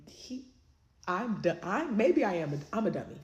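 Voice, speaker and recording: A woman casually telling a true story, animated and full of profanity and slang. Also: fairly low pitch, normal speed, reverberant.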